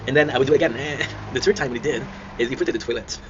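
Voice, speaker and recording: Fast-talking man, laughing storyteller. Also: medium pitch. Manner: rambling, laughs through his stories. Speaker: channel host. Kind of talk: casual storytelling. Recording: dull lo-fi sound with clear noise.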